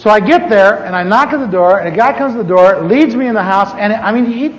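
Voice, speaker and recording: A man teaching a class as a pastor, telling humorous stories from his own life in an animated, joking way and acting out his old prayers. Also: sits high, fast talker, lo-fi sound. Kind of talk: humorous storytelling lecture. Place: large church conference hall. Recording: live hall recording with long reverb and faint hiss.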